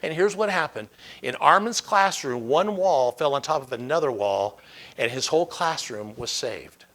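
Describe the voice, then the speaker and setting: A man giving a motivational keynote speech, telling stories with dramatic, repeated emphasis that swings from loud to hushed. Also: a little high, lively intonation, moderate pace. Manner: dramatic storytelling with emphatic repetition. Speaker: keynote speaker.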